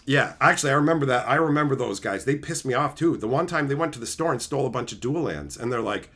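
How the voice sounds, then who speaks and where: A man's voice: medium pitch, expressive, fast, fairly bright tone. A man hosting a livestream, ranting heatedly and profanely while answering chat. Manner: answers chat between rants. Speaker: streamer host.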